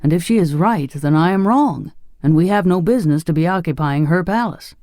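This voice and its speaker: Narrator doing thoughtful straw king, calm and measured, storybook reading, dry. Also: mid-range voice, no room sound, voice pushed up, natural voice.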